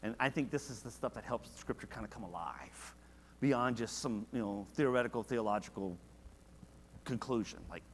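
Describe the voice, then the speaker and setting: In a large hall with a bit of hiss or hum, a man of medium pitch runs a church Bible study at normal speed. His style is relaxed and chatty; he often quizzes the group, and verse readings bring out more energy in him.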